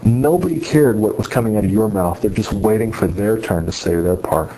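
Addressing students on faith, a man gives an earnest, sermon-style talk, retelling a story with many restarts. His voice sits on the low side, brisk and warm, on a rough recording with slight background noise.

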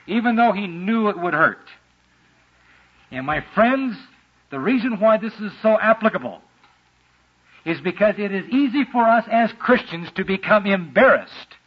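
A man preaching with a husky, slightly breathy voice that swings up and down in pitch. His delivery is dramatic, and he slips into the voices of the people he quotes. The recording sounds dull and muffled. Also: very animated, unhurried, pauses often. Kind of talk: sermon.

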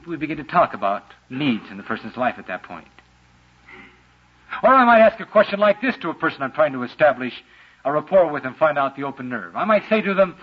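A man preaching a sermon with a lively, dramatic delivery, sometimes acting out the voices of the people he quotes, on a muffled lo-fi recording. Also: fairly high pitch.

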